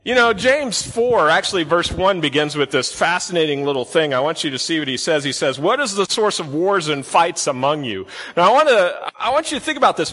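A man's voice: on the high side, big pitch swings, brisk, hardly any pauses, bright, forceful tone. A man preaching a sermon in a church, telling stories in a chatty way and asking the congregation questions. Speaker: pastor. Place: church sanctuary. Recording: long hall reverb.

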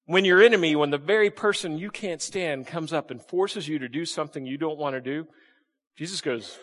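A man preaching a sermon as pastor, folksy and talking to the congregation, with sudden jumps into high acted-out voices. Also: fairly quick, fairly bright tone. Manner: folksy, acts out voices with big pitch jumps. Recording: echoey hall reverb.

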